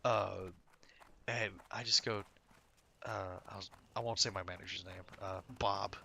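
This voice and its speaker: A man's voice: low voice, steady tone, measured pace, gravelly, pushed and bright, a little hiss or hum. A man telling a rambling, profane story with frequent laughter while playing a game. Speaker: streamer. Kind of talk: casual storytelling while gaming.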